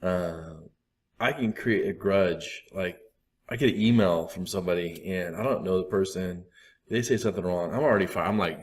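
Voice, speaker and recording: Man, 30s, low-pitched, rambling candid recovery talk with acted-out asides. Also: normal speed. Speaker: recovery group speaker.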